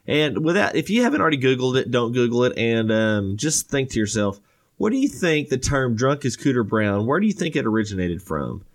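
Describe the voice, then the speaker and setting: A man's voice: mid-range voice, sing-song, brisk. Easygoing male podcast host. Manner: rambling, filler-heavy, joking. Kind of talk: casual chat.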